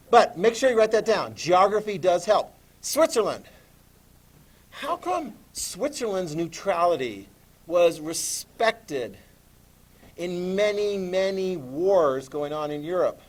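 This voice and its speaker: Animated male teacher lecturing. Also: high voice. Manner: lively, animated, asks the class questions. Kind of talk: classroom lecture.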